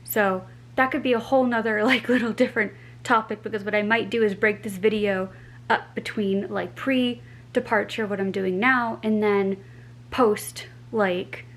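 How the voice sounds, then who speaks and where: A woman's voice: medium pitch, fairly even intonation, normal speed, a bit bright, low-quality recording. An American woman vlogging to camera in a casual, rambling way, full of "like" fillers. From United States.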